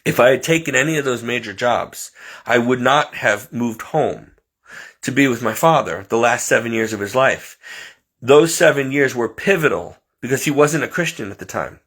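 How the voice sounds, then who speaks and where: A man from Connecticut telling a rambling, animated personal story, acting out what others said. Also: medium pitch, moderate pace, slightly rough. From Connecticut, USA. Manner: rambling, animated, acts out quotes. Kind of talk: personal anecdote monologue.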